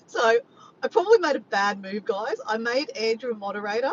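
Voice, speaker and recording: This is an Australian woman running a casual livestream, talking and joking with viewers while reading out what they type. Her delivery is expressive and a little fast, captured in dull lo-fi sound with a slight rumble.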